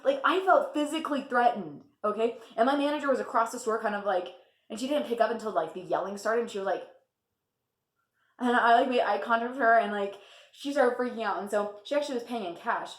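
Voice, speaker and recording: A young woman vlogger telling a work story in casual chat, laughing often and filling pauses. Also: fairly high pitch. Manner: chatty, laughs often, lots of fillers. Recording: echoey room.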